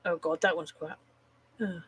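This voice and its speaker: A woman's voice: on the low side, fairly even intonation, normal speed, fairly bright tone, breathy edge, rough recording. A woman chatting casually on a live stream, rambling, swearing freely and laughing at her own jokes.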